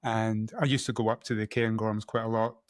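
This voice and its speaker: A man's voice: fairly low pitch, flat delivery, fairly quick, no echo, studio quality. A middle-aged man from Scotland, a photographer as guest, talking casually and often correcting himself with a laugh. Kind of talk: casual interview chat.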